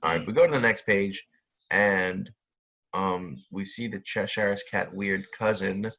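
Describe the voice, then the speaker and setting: Co-hosting a podcast in a casual chat, this man has a low, pushed, bright voice and an unhurried pace, heard through lo-fi sound. He rambles, leans heavily on fillers, laughs often, and mimics sound effects.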